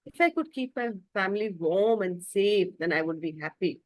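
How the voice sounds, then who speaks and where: A woman's voice: mid-range voice, expressive, normal speed, no room sound, close to an everyday voice. A woman telling a story, voicing a restless, discontented man who keeps asking for more. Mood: wanting. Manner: pleading and discontented. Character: restless man, never satisfied, grows from boy to old age.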